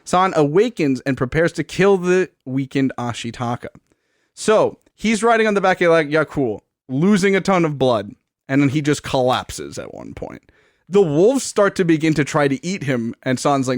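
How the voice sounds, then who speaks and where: A man co-hosting a casual podcast, retelling film scenes with enthusiasm and dropping into a hushed voice for quoted lines. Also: medium pitch, sing-song, moderate pace, no room sound, studio quality. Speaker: podcast co-host recapping a film. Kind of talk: casual chat.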